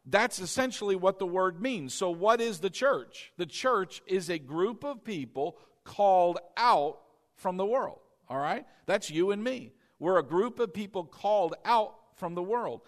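A man's voice: sits high, lively intonation, measured pace, long reverb tail. A man preaching a sermon to his congregation as pastor, emphatic, repeating key lines and quizzing the crowd. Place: church sanctuary.

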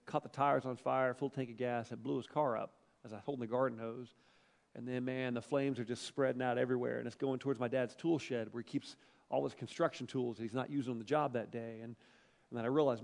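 A middle-aged male pastor telling a personal story in a sermon, animated and emphatic, repeating phrases for effect. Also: mid-range voice, fast talker, gravelly, big-room sound.

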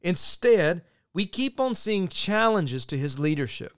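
Man, pastor, sermon, earnest, measured, fairly high voice, smooth and clear, dry close sound. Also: very animated, no room sound.

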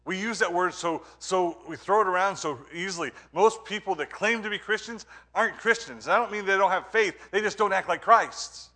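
A man preaching a sermon as pastor, earnest, moving between emphatic points and hushed, quiet lines. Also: high-pitched, moderate pace, hardly any pauses.

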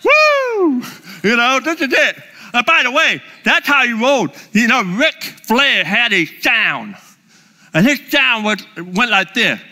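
A middle-aged man telling lively, enthusiastic personal stories to a live audience. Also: very high voice, unhurried. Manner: lively, enthusiastic, holds up props. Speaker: speaker addressing a live audience. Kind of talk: animated personal storytelling.

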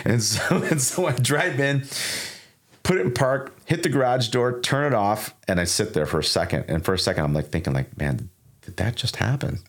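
A man's voice: medium pitch, lively intonation, fairly quick. A man in his forties from Illinois, telling a personal story as a podcast guest in a rambling way, repeating words and acting out quotes. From Sauk Valley, Illinois. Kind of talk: casual storytelling.

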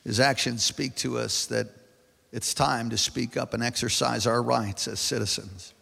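A male pastor preaching a sermon to a large congregation, building to loud emphatic peaks and calling for responses. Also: mid-range voice, steady tone, a little slow, creaky, breathy edge. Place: large church hall. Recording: long hall reverb.

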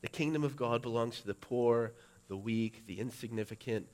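A middle-aged male pastor preaching a sermon, building to loud, emphatic peaks. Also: mid-range voice, moderate pace.

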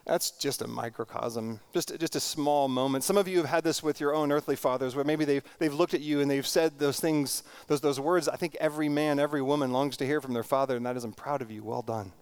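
A middle-aged man, a pastor, preaching a sermon in an earnest, reflective way, slowing down for emphasis and often repeating words. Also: fairly high pitch, fairly even intonation, clear, resonant tone.

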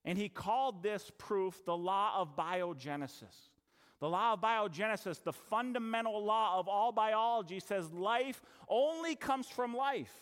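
A man preaching in a church, his voice sitting high for a man and ringing with a long hall echo. He tells stories with dramatic pauses and acts out the dialogue. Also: fairly bright tone. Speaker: pastor. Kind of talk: sermon.

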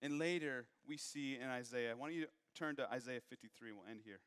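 A man preaching a sermon, moving from hushed, low passages to raised, emphatic ones. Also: brisk, clear, resonant tone, big-room sound.

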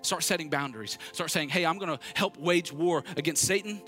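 Bright, earnest preaching man. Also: on the high side, a little fast, faint music behind. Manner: earnest, conversational preaching, building to urgent appeals. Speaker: pastor. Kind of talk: sermon with personal storytelling.

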